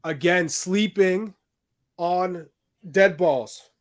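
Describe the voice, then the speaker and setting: High-voiced man, blunt and excitable. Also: drawn-out words. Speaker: analyst. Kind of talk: casual watch-along chat.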